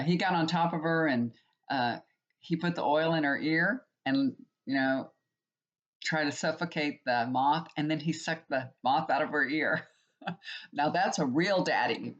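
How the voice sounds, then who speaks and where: A middle-aged woman chatting casually to her viewers as a tarot reader and healer, retelling stories with frequent laughs and an animated manner. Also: low voice. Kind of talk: casual storytelling chat to viewers. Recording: slightly dull lo-fi sound.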